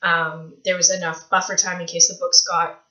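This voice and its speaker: A Canadian woman vlogging casually from a small room at home, chatty, rambling and gushing with excitement. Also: fairly low pitch, moderate pace, reverberant, dull audio. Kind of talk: casual vlog chat.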